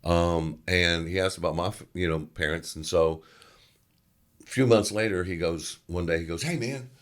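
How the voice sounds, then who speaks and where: A middle-aged man from Louisiana, a guest actor telling a story in an interview, animated and loose with conversational fillers. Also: sits low, normal speed.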